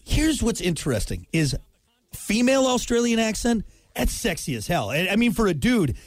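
Animated American radio host, high voice. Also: male voice, moderate pace, no room sound, clean studio sound. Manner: joking, rambling, with frequent impressions. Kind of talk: casual radio banter. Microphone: studio microphone.

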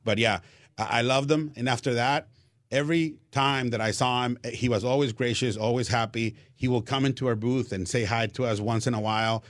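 A man's voice: mid-range voice, steady tone, fairly quick, no echo, studio quality. A man, a baseball broadcaster telling stories in a casual radio interview, repeating words and laughing easily. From Mexico. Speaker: Spanish-language baseball broadcaster, guest.

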